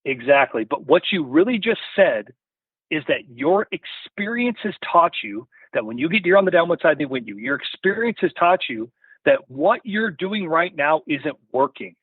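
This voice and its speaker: A man's voice: a little high, animated, normal speed, husky, no echo. Rambling man on a tinny phone line. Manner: rambling, full of "you know" and "right?" tags. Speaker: podcast guest from a hunting gear company. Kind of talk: casual storytelling in an interview.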